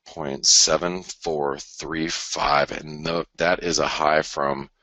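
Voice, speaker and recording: A market commentator with a very deep voice talks live over currency charts during a trading broadcast, slow and with little pitch movement, his tone bright and forceful. He rambles, repeats himself, and often mock-quotes traders. The recording is dry.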